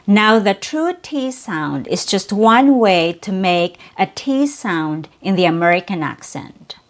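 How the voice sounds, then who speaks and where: A woman whose first language is Cebuano, teaching an English pronunciation lesson and slowly repeating sounds and words for the learner. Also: mid-range voice, animated. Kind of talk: slow, clear pronunciation lesson.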